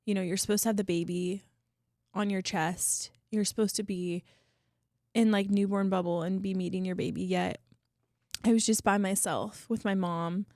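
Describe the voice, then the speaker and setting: A woman's voice: mid-range voice, fairly even intonation, moderate pace, darkish tone, no room sound. A young woman with a mid-range voice speaks earnestly and with feeling, her sentences often trailing off. The recording is dry and close, with no room sound around her. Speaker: podcast co-host. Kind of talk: casual testimony chat.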